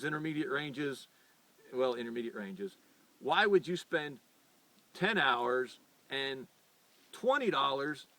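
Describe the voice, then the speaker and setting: Hosting a firearms channel, a middle-aged man from the United States talks off the cuff in an unscripted opinion piece, often tripping over repeated words and pressing his arguments earnestly. His voice is a little high with a fairly bright tone; there's no room sound, though the voice is picked up from a distance.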